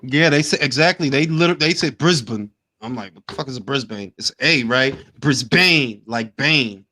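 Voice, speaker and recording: A man co-hosting a live boxing reaction chat, loud and joking, often laughing. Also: mid-range voice, brisk. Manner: loud, laughing, mock accents.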